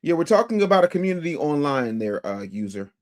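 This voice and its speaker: A man's voice: fairly high pitch, very animated, fast talker. A man hosting a live stream, reacting to a clip and reading viewer super chats aloud with energy. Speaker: livestream host.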